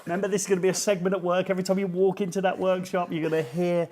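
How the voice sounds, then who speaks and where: A man's voice: high-pitched, level tone, racing, darkish tone. A man hosting a casual show segment, teasing and joking playfully with a guest. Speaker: show host. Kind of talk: casual trade-show banter.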